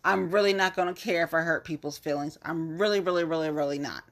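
A woman's voice: low voice, quick pace. A woman hosting a podcast, ranting in a blunt, profane and exasperated way in a casual monologue. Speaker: podcast host.

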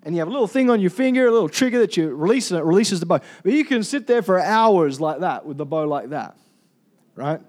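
High-voiced pastor preaching. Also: male voice, animated, fast talker, darkish tone. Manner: casual, jokey, calls for amens. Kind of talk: sermon.

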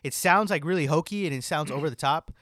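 A man's voice: a little high, fast talker, a bit bright, no echo. A young man chatting casually as a podcast co-host, laid-back, swearing a lot and saying "like" constantly. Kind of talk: casual chat. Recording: dry close mic.

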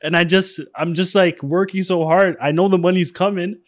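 Man, fairly high voice, blunt slangy podcast co-host, casual chat. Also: steady tone, moderate pace.

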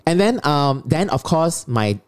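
A man's voice: fairly high pitch, a little slow, smooth. Singaporean man telling a story. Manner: animated, mixing in quoted voices. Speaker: podcast co-host. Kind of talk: casual storytelling chat.

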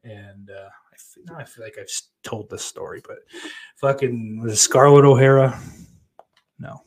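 A man's voice: mid-range voice, fairly even intonation, moderate pace. A man hosting a livestream, reading chat comments aloud and rambling in a profane, self-deprecating way.

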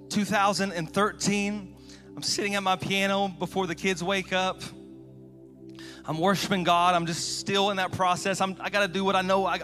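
A middle-aged man preaching a sermon, telling a personal story with emotion, moving from hushed confession to shouting. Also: high voice. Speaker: guest preacher.

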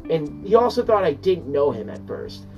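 A person telling a personal story in a casual, animated way, swearing often and rambling with restarts. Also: medium pitch, moderate pace, dull audio. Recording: far from mic, faint guitar music.

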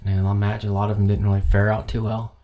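A man's voice: on the low side, completely flat delivery, racing, muffled recording. A man co-hosting a casual comedy podcast, swearing freely and acting out characters in his stories. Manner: profane, acts out silly voices in stories. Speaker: podcast co-host.

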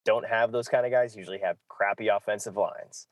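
Low-voiced man hosting a sports podcast. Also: fairly even intonation, fairly quick, dry recording. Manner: loose, jokey, says "exactly" a lot. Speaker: podcast host. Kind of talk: casual sports podcast chat.

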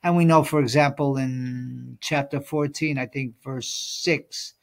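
A man's voice: medium pitch, fairly even intonation, measured pace, creaky. A man co-hosting a Bible study podcast, talking things through thoughtfully with many fillers and reading scripture aloud. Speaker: podcast co-host. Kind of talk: casual Bible study discussion.

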